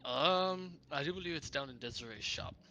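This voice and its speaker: Bright, easygoing player man. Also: on the high side, normal speed, highs cut off, a little hiss or hum. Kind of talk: playing a tabletop game.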